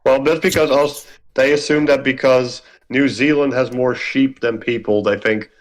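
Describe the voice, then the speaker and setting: Podcast co-host, man, mid pitch, chatty, voice jumps up when he argues. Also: fairly even intonation, normal speed. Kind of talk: casual chat.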